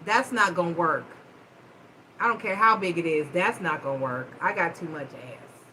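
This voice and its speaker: A woman hosting a live-stream chat, telling stories in a blunt, profane, animated way. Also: on the low side, moderate pace, slight background noise, low-quality recording. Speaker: host.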